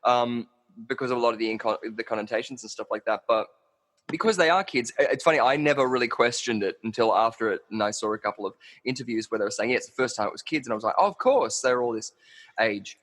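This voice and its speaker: Dude chatting about a slasher flick on a podcast, casual, quick asides. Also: male voice, mid-range voice, animated, fairly bright tone, long reverb tail. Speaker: podcast co-host. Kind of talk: casual film discussion podcast.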